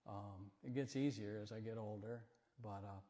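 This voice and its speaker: A man visiting a church as a speaker for a Bible ministry, telling folksy stories in a rambling, gently joking way. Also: fairly low pitch, steady tone, normal speed. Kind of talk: folksy storytelling talk in church. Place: church sanctuary. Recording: long church hall reverb.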